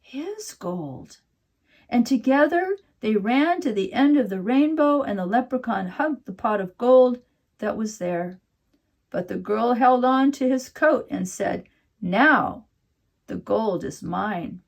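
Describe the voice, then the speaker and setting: A woman teaches a children's painting lesson and tells a story, speaking gently and soothingly. Her pace is very slow and unhurried, and her voice sits fairly high. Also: animated, vocal fry. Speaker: art teacher.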